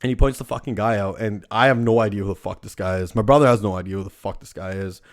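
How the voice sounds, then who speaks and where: This young man hosts a casual storytelling podcast, speaking fast in a low-leaning voice. His talk is rambling and constantly profane, peppered with "right?" tags.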